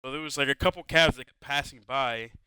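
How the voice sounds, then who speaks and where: A young American man talks in a bright, clean, close voice. He rambles through stories, swears constantly and leans on "like". The sound is dry, with no room echo. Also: mid-range voice, brisk, smooth. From United States. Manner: profane, rambling storytelling full of "like". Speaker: podcast co-host. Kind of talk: casual podcast chat.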